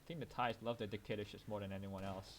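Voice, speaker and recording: A young man co-hosting a podcast while gaming, chatting casually, rambling and swearing, with many restarts and loud bursts when ranting. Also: on the low side, steady tone, quick pace, slight background noise. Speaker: podcast co-host.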